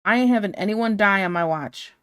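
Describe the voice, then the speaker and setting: A woman's voice: medium pitch, brisk, a bit bright, clean tone. A woman streaming casually, chatting and laughing as she reads out her chat.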